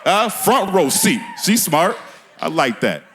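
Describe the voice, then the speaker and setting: A man's voice: high voice, big pitch swings, takes it slowly, a bit bright, a little hiss or hum. A man from doing a stand-up comedy set on a small theater stage, laughing at his own jokes and talking in loose street slang.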